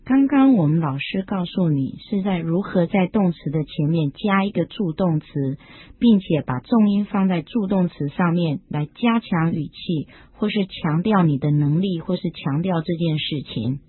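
Calm husky woman explaining a lesson. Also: lowish voice, moderate pace, no room sound. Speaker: co-host translating into Chinese. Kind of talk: scripted lesson narration. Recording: tinny dry lo-fi recording.

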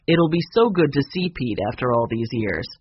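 A storybook reader voicing a kindly, gently teasing older grandfather. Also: medium pitch, expressive, moderate pace, breathy edge. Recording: dull lo-fi recording with faint noise.

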